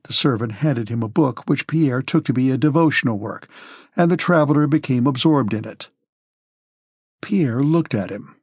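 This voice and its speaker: A male audiobook narrator reads a classic novel in a measured, steady way. His voice has a breathy, husky edge and sits in a middle pitch. The recording is dry and close-miked. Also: no room sound.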